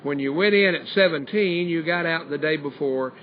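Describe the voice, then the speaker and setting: A man's voice: fairly high pitch, normal speed. Older man giving testimony. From American South. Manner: earnest storytelling, acting out quoted voices. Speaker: radio show host and preacher. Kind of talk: personal testimony. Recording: dull lo-fi stream with faint hiss.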